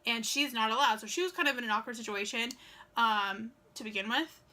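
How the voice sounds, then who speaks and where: A woman's voice: a little high, fairly quick, sharp tone. A young woman telling a story to her camera in a casual vlog, chatty and full of "like" and acted-out dialogue. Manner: chatty, lots of "like" and quoted dialogue. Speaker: vlogger.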